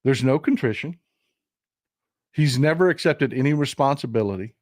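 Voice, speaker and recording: A man's voice: medium pitch, lively intonation, moderate pace, a little mellow, no room sound, clean studio sound. A man hosting a livestream of casual political commentary, emphatic and full of repeats and restarts, talking straight to his viewers. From Texas. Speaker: livestream host.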